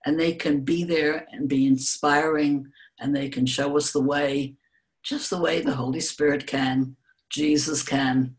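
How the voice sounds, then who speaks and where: An older woman answering interview questions, telling reflective personal stories in a gentle, unhurried way and laughing softly now and then. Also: low voice, steady tone. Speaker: guest speaker.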